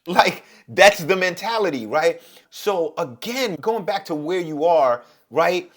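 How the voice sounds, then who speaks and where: Passionate New York man, higher voice. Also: animated, slow pace. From Brooklyn, New York. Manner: passionate, rises in pitch and loudness when making a point. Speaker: podcast host. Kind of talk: reflective monologue.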